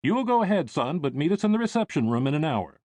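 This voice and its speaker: A man's voice: fairly high pitch, big pitch swings, fast talker, darkish tone, dry recording, pitched above the performer's own voice. A man doing a jovial wealthy father. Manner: jovial, reassuring. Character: easygoing rich father, good-humored.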